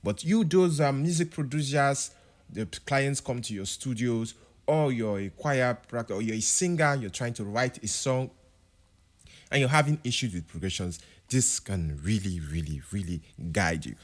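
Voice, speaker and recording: A man teaching a piano lesson, explaining chords and now and then singing example words to show rising and falling pitch. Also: expressive, moderate pace. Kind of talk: music tutorial.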